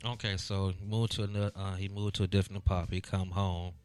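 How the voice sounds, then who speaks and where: A man's voice: sits low, level tone, fast talker, darkish tone, smooth. A man co-hosting a talk radio show, playfully questioning and pushing back. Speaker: radio co-host. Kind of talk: casual radio chat.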